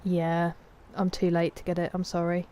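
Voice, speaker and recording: A British woman chatting casually on a live game stream, thanking viewers and sometimes dropping into a soft whisper. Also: on the low side, monotone, moderate pace, slight background noise. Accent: British English.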